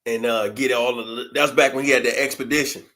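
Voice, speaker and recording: Reminiscing man, mid-pitched. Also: fairly even intonation, pushed and bright. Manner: reminiscing, halting with fillers. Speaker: co-host. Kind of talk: casual chat.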